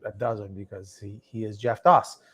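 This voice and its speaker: A man's voice: lowish voice, little pitch movement, normal speed. A man hosting a podcast, telling stories loosely and chattily, often asking "right?". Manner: loose, chatty, frequent "right?" and "you know". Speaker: podcast host. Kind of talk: casual podcast storytelling.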